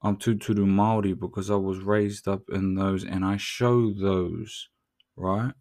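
A man's voice: low-pitched, fairly even intonation, unhurried, a little mellow. A man from New Zealand with a New Zealand accent, talking in a casual, profane, slangy monologue with frequent laughs.

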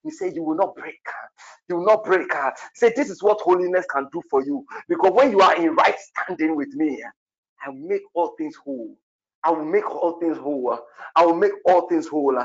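A man leading a prophetic prayer session, shouting in fervent bursts, repeating phrases and breaking into tongues, with a gravelly voice. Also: fairly high pitch, normal speed, muffled recording.

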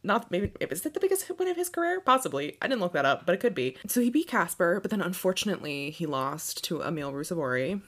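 A woman co-hosting a podcast in casual chat, playful and giggly with drawn-out emphasis. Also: lowish voice, very animated, fairly bright tone. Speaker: podcast co-host.

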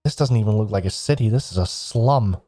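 A man's voice: lowish voice, fairly quick, dark tone, husky, dry recording, clean studio sound, soft background music. A man voicing a disappointed traveler in a tabletop game, speaking in a plain, dismayed way. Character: disappointed traveler adventurer Kala.

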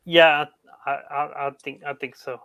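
A man's voice: on the high side, flat delivery, measured pace, sharp tone, no echo. A man co-hosting a podcast in casual chat, hesitant and often restarting his sentences. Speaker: podcast co-host.

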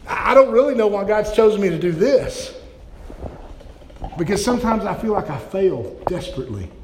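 A male pastor delivers a heartfelt sermon with a fairly high voice, often stumbling over repeated words as he builds momentum. His voice rings with the long reverb of a church hall. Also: very animated, moderate pace, darkish tone, slight background noise. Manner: impassioned, stammering repeats.

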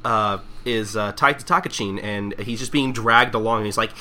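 A man casually recapping a manga chapter with friends, laughing and acting out lines in a high voice. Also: moderate pace, sharp tone, slight background noise. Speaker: podcast host.

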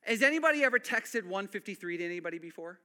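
A male pastor preaching a sermon, dropping to hushed lines and rising to loud emphatic build-ups, repeating phrases for emphasis. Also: sits high, lively intonation, quick pace, clear, resonant tone.

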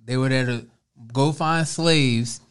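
A man's voice: medium pitch, slow pace, smooth. A man talking casually on a podcast, loose and conversational, stretching words for emphasis. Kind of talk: casual chat.

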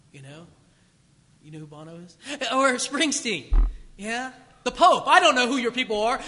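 A man preaching a sermon, telling the story in a conversational, animated way. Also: very high-pitched, big-room sound.

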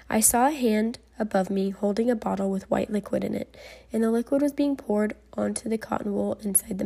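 A woman reading a memoir aloud in a measured storybook manner, dropping to a soft whisper at tense moments. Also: medium pitch, gravelly, breathy edge. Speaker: reader.

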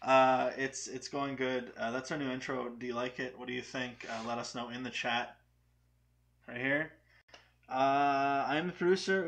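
A man's voice: mid-range voice, fairly even intonation, moderate pace, a bit bright. A young man hosting a live movie news stream, chatting casually, rambling and joking with frequent laughs.

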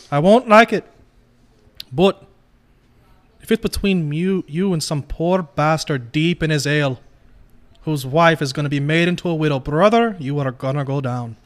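A man reading a brash, intense cop confronting a thief, in a loud mock Irish-British accent for a comedic screen read. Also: a little high, close to an everyday voice.

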